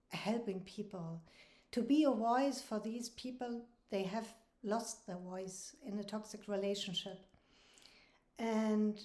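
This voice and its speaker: A woman's voice: medium pitch, warm tone. A woman, earnestly sharing a heartfelt personal faith testimony as an author. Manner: earnest and heartfelt, with laughs between thoughts. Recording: roomy echoey recording.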